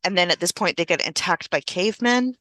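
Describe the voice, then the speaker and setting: A woman's voice: fairly low pitch, a little fast, sharp tone, no room sound. A woman co-hosting a podcast, casually recapping a film plot with lots of fillers. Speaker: podcast co-host. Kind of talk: casual movie review chat.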